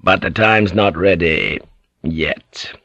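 A man voicing a very deep, commanding warlord. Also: creaky, pushed and bright, no echo, dull audio, heavily acted. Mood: scheming. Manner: measured, cunning, authoritative. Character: shrewd, commanding male feudal warlord.

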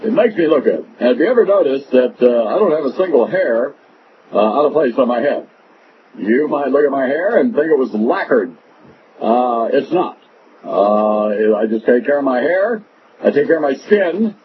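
A man's voice: mid-range voice, lively intonation, natural voice. A man putting on the voice of a vain, boozy male politician who rambles and stumbles over his words, on a muffled radio recording. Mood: pompous, rambling. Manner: halting, rambling, full of uh. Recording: muffled radio broadcast with noise.

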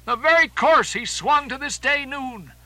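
A man reading an audiobook and voicing a grave, anxious first mate on a ship, urgent and emphatic with drawn-out stresses. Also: very high voice, animated, bright, forceful tone, no room sound, voice pushed up, heavily acted, rough recording.

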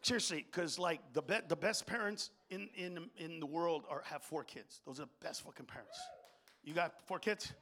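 A male stand-up comedian on stage, brash and profane, jumping between loud rants and low muttering. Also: normal speed. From Honduras. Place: comedy stage before a live audience.

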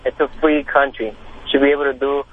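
An earnest male caller with a husky voice who rambles as he makes his point. He comes through a narrow, tinny telephone line. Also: medium pitch, little pitch movement, fairly quick. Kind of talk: call-in talk radio.

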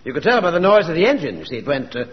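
An actor playing a polite, diffident chief clerk in a radio comedy, recorded with a muffled sound. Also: male voice, fairly high pitch, big pitch swings, rapid-fire, background noise. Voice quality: diffident, vague. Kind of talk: 1970s radio comedy acting.

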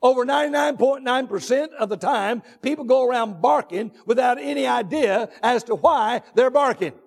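A man preaching a sermon from the pulpit, emphatic, drawn out and repetitive, rising to shouts on his key points. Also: very high voice, creaky. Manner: drawn-out deliberate phrasing with repetitions. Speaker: pastor. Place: church sanctuary. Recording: long reverb of a large church hall.

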